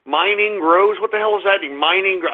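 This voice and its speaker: A man hosting a radio show, ranting in exasperation at his chat room, swinging between groans and shouts. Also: high-pitched, moderate pace. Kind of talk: exasperated live call-in banter. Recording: tinny phone-line sound.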